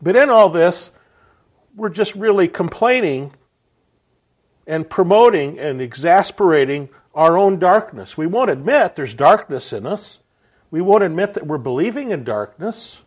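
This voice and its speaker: A man's voice: high-pitched, expressive, a little slow, breathy edge. A man giving a reflective spoken sermon message in an earnest way, with frequent stammered restarts. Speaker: preacher.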